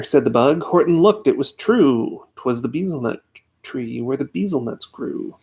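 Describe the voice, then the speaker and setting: Guy reading a kids' rhyme book at home, bit gravelly, does little voices. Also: mid-range voice, measured pace. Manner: lively voices for the characters. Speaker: reader. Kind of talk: reading a children's story aloud. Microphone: USB desk microphone on a tripod.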